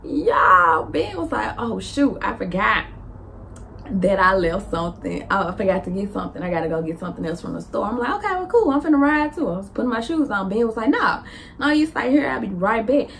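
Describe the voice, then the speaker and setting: A young woman with a Southern US accent telling a lively storytime to her vlog viewers, laughing and acting out the dialogue with big jumps in pitch. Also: brisk, vocal fry, a little hiss or hum. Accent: Southern US (Memphis). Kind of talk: animated storytime monologue.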